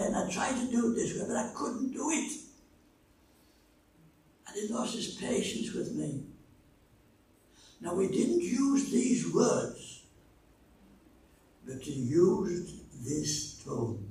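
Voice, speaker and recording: An older man preaching a sermon and telling a story from his own life, slow and dramatic, with his pitch and loudness swinging widely. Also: big pitch swings. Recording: echoey hall, speaker far from mic, faint noise.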